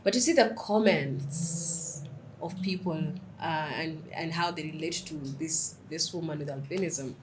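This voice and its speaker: Low-pitched and unhurried, a young woman speaks against a noisy background. A writer guesting on a podcast, she keeps the interview chat casual, telling stories with animated energy and weaving in Swahili expressions.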